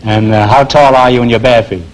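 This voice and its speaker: A middle-aged man hosting a comedy quiz show, teasing his contestants with quick quips and trailing "huh?" tags. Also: mid-range voice, fairly even intonation, poor audio. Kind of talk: wisecracking quiz show banter. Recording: hissy 1949 broadcast recording.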